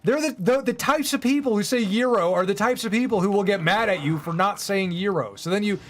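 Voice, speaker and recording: Man, high-pitched voice, sarcastic rambling game commentary, faint game music behind. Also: a little fast. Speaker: gaming YouTuber. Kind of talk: casual let's-play commentary.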